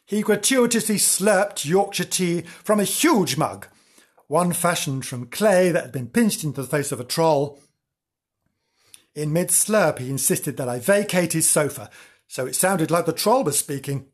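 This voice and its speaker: A man narrates his own misadventures in a scripted, first-person telling full of dry humour. His voice is somewhat husky and sits a little on the high side for a man. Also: lively intonation, unhurried.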